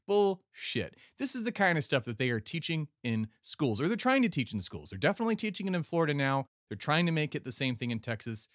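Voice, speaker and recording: A man's voice: fairly high pitch, big pitch swings, fast talker, few pauses, a bit bright, no room sound, clean studio sound. Angry ranting man, heavy swearing. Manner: heated, profane, stumbling over words. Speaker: listener sending in a rant. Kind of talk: angry profane rant.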